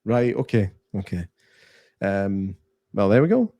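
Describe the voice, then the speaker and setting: A man's voice: lowish voice, very animated, measured pace, mellow, no room sound. Chatty Scottish man reviewing films. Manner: enthusiastic, rambling, laughs often. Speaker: podcast co-host. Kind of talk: casual film review chat.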